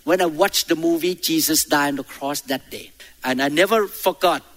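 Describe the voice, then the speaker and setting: A man's voice: fairly high pitch, moderate pace, a bit bright. A man from Thailand preaching a sermon in church, emphatic, with calls to the congregation. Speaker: pastor.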